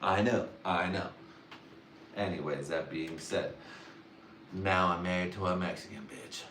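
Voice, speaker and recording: A man's voice: low-pitched, unhurried, fairly bright tone. A young man hosting a livestream, telling crude comic stories in drawling slang and often laughing. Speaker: livestream host. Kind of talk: crude rambling comedic monologue. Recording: roomy echo, distant mic, faint noise.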